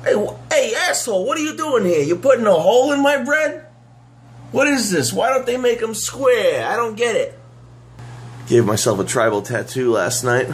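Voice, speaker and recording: A man's voice: a little high, lively intonation, unhurried. A man playing a brash, rude tough guy who is baffled by bagels and picks fights with the staff. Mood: outraged. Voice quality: gruff, rude, wisecracking street-guy manner. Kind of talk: comedy sketch.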